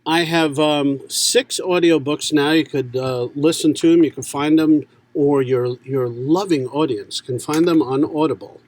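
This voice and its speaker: A man from New York talks casually as a podcast guest, in a slightly higher-than-usual voice. He is a working voice actor who wisecracks and laughs easily. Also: a little slow, few pauses, a little mellow.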